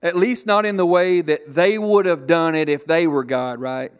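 A man preaching a sermon to a congregation, asking rhetorical questions and acting out loud quotes. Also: a little high, normal speed, clear, resonant tone. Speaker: pastor.

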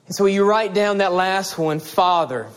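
Male pastor, higher voice, slow deliberate delivery, earnest pleading sermon style. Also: clean tone. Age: adult with children and a wife. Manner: pleading, emphatic preaching with repeated appeals.

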